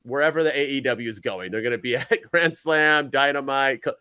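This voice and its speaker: A man co-hosting a podcast, recapping wrestling in a rambling, exasperated, animated way. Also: medium pitch, brisk, clear, resonant tone, dry recording. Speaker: podcast co-host. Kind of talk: casual wrestling chat.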